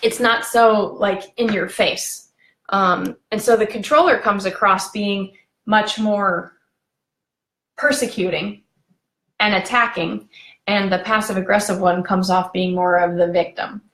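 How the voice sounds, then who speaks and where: A woman's voice: medium pitch, steady tone, unhurried, a bit bright, echoey room. A woman talking casually to her viewers, giving relationship advice with lots of fillers and direct questions. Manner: chatty, addresses viewers directly with frequent fillers. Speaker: relationship vlogger.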